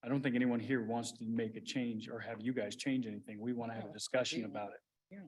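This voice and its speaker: A man's voice: mid-range voice, steady tone, fast talker, slightly rough. A man chairing a small-town board meeting, running motions and roll calls in an easygoing way. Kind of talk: meeting procedure.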